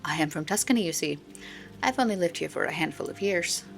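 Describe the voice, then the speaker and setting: A coquettish old Italian stallholder, as a woman puts her on, teasing in a put-on Italian accent. The voice sits low with a gravelly edge. Faint game music and rain play behind her. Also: expressive, brisk. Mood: flirty teasing.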